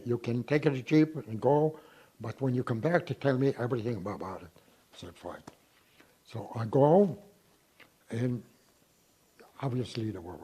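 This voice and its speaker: A man in his nineties being interviewed, recalling his past in a halting way with repeated words. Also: fairly low pitch, dark tone, a little hiss or hum. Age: 90s. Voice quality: very husky voice. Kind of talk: oral history interview.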